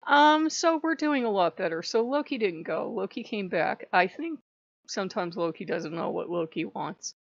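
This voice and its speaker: A woman of middle pitch tells a personal story in a casual vlog and laughs often as she goes. The sound is muffled and lo-fi. It is close and dry, with no room echo. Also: lively intonation, normal speed, creaky. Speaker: channel host.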